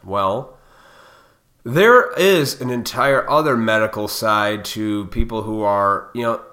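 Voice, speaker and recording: Bright-voiced man ranting bluntly. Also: fairly low pitch, slow. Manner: blunt, profane, lecturing; heated, fired up. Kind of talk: ranting monologue to viewers.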